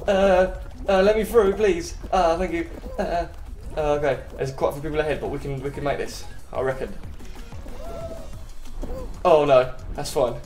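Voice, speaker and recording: An excitable man talks his way through a video game in casual chatter. His voice sits fairly high and bounces around an echoey room. Faint game music plays underneath. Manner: excitable, chatty, quick cries and laughs. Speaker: gaming channel host.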